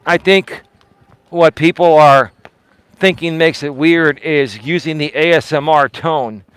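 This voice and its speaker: Hosting a laid-back live stream, this man addresses his chat head-on, asking pointed questions, getting emphatic and defensive, and repeating lines for effect. He has a smooth, slightly high, somewhat bright voice and speaks at a measured pace.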